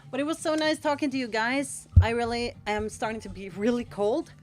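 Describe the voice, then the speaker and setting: A woman's voice: fairly high pitch, fairly even intonation, fairly quick, faint music behind. A Scandinavian woman in her forties, a tattoo artist chatting with viewers on a late-night live stream while painting at home. She rambles and encourages, with lots of "like.". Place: at home in a cold room, painting.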